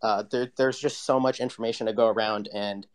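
A man's voice: fairly low pitch, fairly even intonation, a little fast. A man in his twenties speaking as a panel guest in a casual online audio chat, loose and hesitant with many fillers. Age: 20s.

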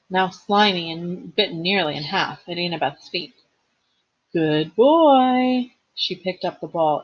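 A female teacher with a lowish, slightly rough voice reads a novel aloud, telling the story expressively and occasionally slipping and rereading a line. The recording sounds lo-fi.

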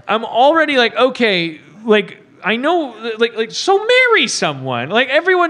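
High-voiced man ranting animatedly. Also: measured pace, hardly any pauses. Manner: animated ranting, swearing, mimicking characters. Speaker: podcast guest comedian. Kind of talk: comedic movie rant.

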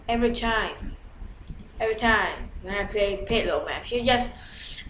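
A woman giving live commentary over her own gameplay, chatty and excitable, swinging from low mutters to sudden shouts. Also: a little slow, roomy sound, a little hiss or hum, rough recording. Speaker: gamer.

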